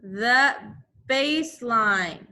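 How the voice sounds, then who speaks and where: A woman teaching a second grade class remotely, slowly repeating drills for the children. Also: fairly high pitch, animated, pushed and bright.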